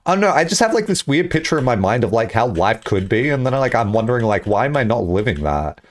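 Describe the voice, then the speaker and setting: A young man streaming and chatting casually, rambling and self-mocking, with high squeaky bursts when he acts out his own lines. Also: sing-song, quick pace.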